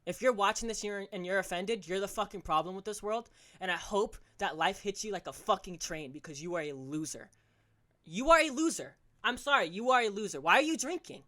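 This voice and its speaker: A man's voice: sits high, expressive, fairly quick, bright, forceful tone. Teen guy ranting heatedly. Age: teens. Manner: profane, heated, scolding. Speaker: podcast host. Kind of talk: solo podcast rant.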